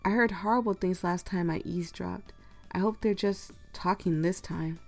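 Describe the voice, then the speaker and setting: Gamer woman rambling and giggling, voice going hoarse, kinda low for a woman. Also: moderate pace, faint music behind. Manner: rambling, giggly, full of tangents. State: losing her voice. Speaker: gamer playing a story game. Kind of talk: casual commentary and reading aloud.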